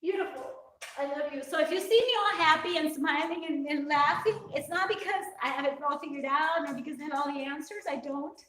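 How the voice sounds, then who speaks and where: A woman's voice: sits high, fairly quick, pushed and bright, roomy sound, far from the mic, a little hiss or hum, poor audio. A woman hosting a live stream, crying as she speaks to her viewers in a heartfelt, rambling, earnest way. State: tearful, crying. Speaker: fitness vlogger hosting a livestream.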